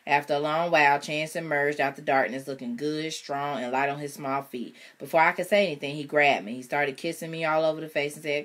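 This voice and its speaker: Lady reading a book out loud, deep voice, chatty side comments. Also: steady tone, fairly quick, few pauses. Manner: casual, chatty asides. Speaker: reader. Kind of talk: reading a novel aloud with asides.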